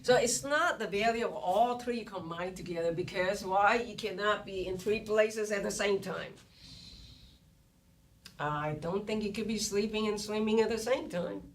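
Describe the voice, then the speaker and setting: A woman's voice: medium pitch, normal speed, a little hiss or hum. A woman lecturing on economics, explaining terms step by step, asking rhetorical questions and acting out what students might say. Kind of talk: recorded lecture. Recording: distant mic with faint room ambience.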